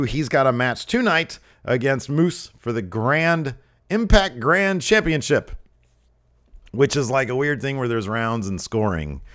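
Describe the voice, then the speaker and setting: A man's voice: medium pitch, a bit bright. A man hosting a podcast, casually recapping a wrestling show with lots of ums and rambling asides. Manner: mimics wrestlers in raised voices when quoting. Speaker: podcast host reviewing wrestling.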